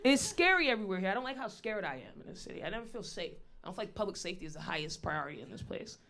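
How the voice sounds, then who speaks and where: Very animated and racing along, a woman in her thirties tells stories in a stand-up set on a live stage. Her medium-pitched voice is gravelly yet fairly bright, and her style is blunt, profane, and chatty.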